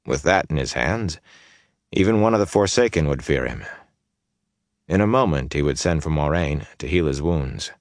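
A man narrating a fantasy audiobook in a measured, steady storytelling way. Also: rumbling low, no room sound, clean studio sound.

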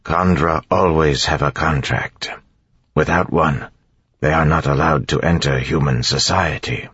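A man with a husky voice voicing a formal, obedient shapeshifter in the form of a wolfhound, speaking in a muffled way. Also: a bass voice, measured pace, a bit bright, no room sound, full character voice. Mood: stiffly formal.

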